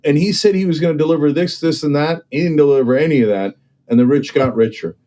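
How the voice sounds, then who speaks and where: A man argues politics with emphatic, persuasive energy, tossing in "okay?" and "right?" to drive points home. His voice sits a bit high, yet its tone is dark and mellow. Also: fast. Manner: acts out other people's voices when quoting them. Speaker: political commentator and guest. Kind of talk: impassioned political discussion.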